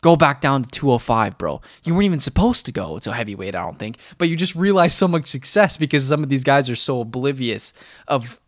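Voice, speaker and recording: A young man co-hosting a casual sports podcast, rambling and animated, talking straight at the fighters he discusses. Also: medium pitch, fairly quick, dry recording, studio quality. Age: young adult. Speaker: podcast co-host.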